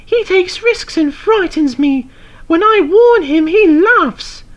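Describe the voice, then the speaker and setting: A man putting on a shrill, timid girl railway coach. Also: animated, slow, a bit bright, exaggerated voice, poor audio. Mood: fretful. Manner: high anxious squeal. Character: timid female railway coach, easily frightened.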